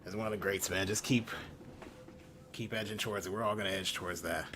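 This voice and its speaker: A man's voice: lowish voice, fairly even intonation, fast, pushed and bright, slight background noise. A man hosting a casual interview stream, easygoing and a little hesitant as he reads out announcements. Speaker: host.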